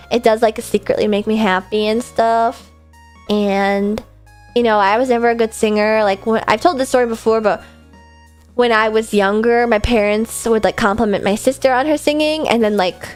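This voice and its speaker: Chatty higher-voiced woman streamer. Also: fairly even intonation, moderate pace, faint music behind. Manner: chatty, rambling, self-deprecating. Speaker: streamer hosting a viewer Q&A. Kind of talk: casual live-stream chat.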